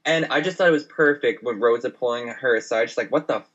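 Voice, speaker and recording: A man's voice: medium pitch, quick pace, fairly bright tone, dull audio, slight background noise. A man co-hosting a podcast, casually recapping scenes and quoting lines. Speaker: podcast co-host. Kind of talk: casual chat.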